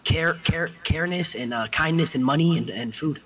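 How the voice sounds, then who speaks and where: A man's voice: a little high, normal speed, fairly bright tone, reverberant. A man answering as a contestant, earnest and stumbling over his words. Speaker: game contestant.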